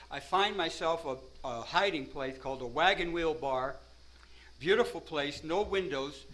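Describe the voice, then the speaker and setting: A man's voice: a little high, a bit bright, low-quality recording. A man telling a rambling first-person story, peppering it with "you know" and "man" and laughing at himself.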